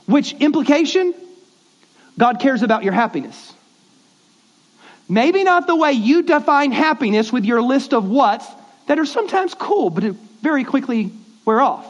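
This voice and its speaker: A man's voice: extremely high pitch, big pitch swings, moderate pace, pauses often. A man pastor giving a conversational sermon, often prompting the congregation to repeat words back, on dull lo-fi audio.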